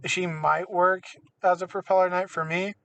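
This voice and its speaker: A man's voice: high voice, little pitch movement, normal speed, creaky, a bit bright, smooth, lo-fi sound. A man co-hosting a podcast in casual chat, rambling and correcting himself as he goes. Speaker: podcast co-host. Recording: distant from mic.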